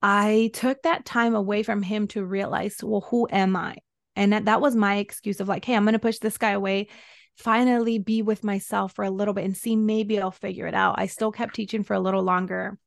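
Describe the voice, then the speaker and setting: Gravelly-voiced woman telling her story. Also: medium pitch, fairly even intonation, fairly quick, no echo. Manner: earnest, emotional, recounting a hard time. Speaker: guest, women's soul embodiment coach. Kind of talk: personal storytelling in a podcast interview.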